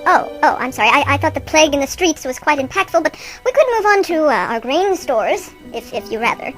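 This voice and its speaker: A woman's voice: sits high, expressive, brisk, fairly bright tone, soft background music. Woman doing a stammering nervous advisor. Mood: apologetic. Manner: hesitant, stammering. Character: nervous, hapless imperial advisor.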